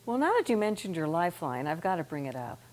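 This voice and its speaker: A woman's voice: lowish voice, big pitch swings, fast talker, darkish tone. A woman hosting a local TV talk show, effusive and complimentary, chatting with her guest. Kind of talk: casual interview chat. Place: local TV studio.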